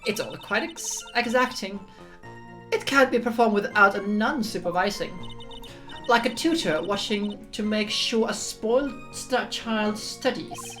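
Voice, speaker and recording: A woman's voice: medium pitch, a little slow, fairly bright tone, soft background music, lightly acted. Woman putting on a hearty older nun. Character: chatty older nun with a bad back, jolly and teasing. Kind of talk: dramatic reading of game dialogue.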